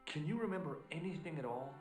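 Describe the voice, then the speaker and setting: An actor with an American accent voicing a laid-back tourist hero who narrates with dry, wry wit in a 1990s point-and-click game. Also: male voice, fairly high pitch, animated, fast, soft background music, lightly acted. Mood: calm. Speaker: player character and narrator.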